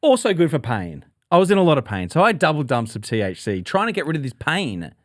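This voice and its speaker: A man in his thirties, co-hosting a podcast and telling a story in casual chat, jumping into high voices for people he quotes. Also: very animated, quick pace, no echo, studio quality. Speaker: podcast co-host.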